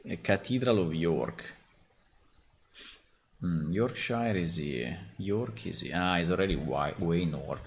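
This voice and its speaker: Slow, hesitant male game developer. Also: low-pitched, animated, a little hiss or hum. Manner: hesitant, thinking aloud, restarts. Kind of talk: casual thinking-aloud dev vlog.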